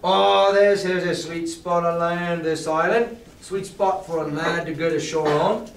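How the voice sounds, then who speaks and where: A man's voice: fairly high pitch, steady tone, unhurried, creaky, distant mic, slight background noise. A man reading aloud voices an old one-legged pirate cook who drawls in friendly, sly sailor talk. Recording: roomy classroom echo from afar.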